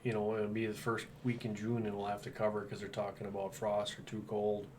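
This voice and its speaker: A man from Wisconsin hosts a homesteading livestream in a relaxed, meandering way. His voice sits on the low side. He sounds set back from the microphone, with faint noise behind him. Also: brisk. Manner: easygoing, rambling with fillers. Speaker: homestead channel host. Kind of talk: casual livestream chat. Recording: distant mic with faint background noise.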